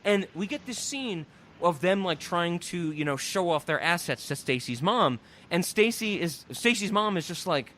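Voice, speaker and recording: Animated, swearing man recapping a movie. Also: sits high, normal speed, a little hiss or hum. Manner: animated, profane, laughing, storytelling. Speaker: podcast host. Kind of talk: casual podcast chat.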